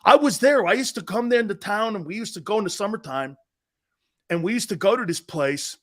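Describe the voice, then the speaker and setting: A middle-aged male sports talk host with a fairly high voice that swings up and down wildly. He talks loudly and excitably, laughs a lot, and acts out the people in his stories. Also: fairly quick. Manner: loud, laughing, excitable, acts out quotes from friends and family. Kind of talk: animated storytelling on a sports show.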